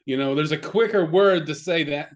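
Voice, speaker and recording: A man's voice: a little high, moderate pace. A man co-hosting a podcast, chatting in an easygoing way, laughing and swearing casually. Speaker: podcast co-host. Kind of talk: casual chat.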